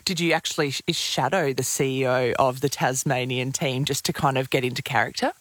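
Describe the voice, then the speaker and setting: A woman's voice: extremely low pitch, fairly even intonation, fairly quick, no echo. A woman, a fill-in radio co-host and former netballer, chatty and self-deprecating. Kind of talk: radio chat show.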